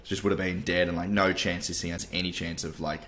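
A deep-voiced Australian man co-hosting a casual podcast. He talks in a loose, blokey way, peppered with swearing and "mate". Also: flat delivery, fast, a bit bright. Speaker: podcast co-host. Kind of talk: casual chat.

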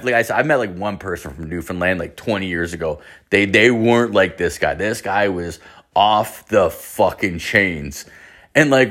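A man hosts a podcast, talking in a lowish voice. He rambles casually through his story, swearing constantly and filling it with "like". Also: a bit bright. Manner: rambling, heavy swearing, lots of filler "like". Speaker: podcast host.

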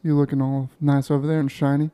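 A man putting on a smooth, seductive show-host voice in a comic improvised bit, with a slow and suggestive delivery. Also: fairly high pitch, little pitch movement, warm tone, pitched below the performer's own voice, natural voice. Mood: sultry.

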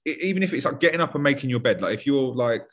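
A man's voice: medium pitch, expressive, rapid-fire, a bit bright, slight background noise. A young British man talking casually on a podcast, rambling and blunt, with lots of fillers and swearing. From United Kingdom.

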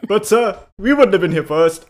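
A woman voicing a pompous mock colonial official, booming the lines and laughing through them. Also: expressive, moderate pace, a little mellow, natural voice. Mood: mock indignant.

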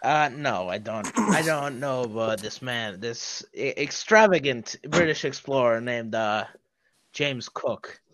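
A man voicing a pompous, deadpan cartoon meme rabbit speaking mock-formally on an improvised comedy podcast. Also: medium pitch, unhurried, no room sound, low-quality recording. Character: Big Chungus, pompous meme rabbit in a crusader helmet.

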